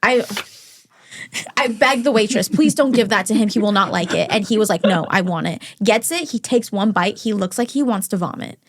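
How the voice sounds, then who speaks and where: A woman's voice: medium pitch, moderate pace. A young woman, a podcast guest, telling a dating story in casual chat and acting out the quotes. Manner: animated, acts out quotes in storytelling.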